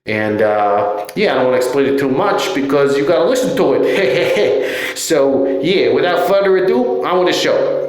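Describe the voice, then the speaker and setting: A man giving a relaxed, rambling podcast intro recorded in a bathroom while on tour. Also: on the high side, normal speed. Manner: relaxed, rambling, many fillers. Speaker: podcast host. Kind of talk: casual spoken intro. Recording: very echoey bathroom.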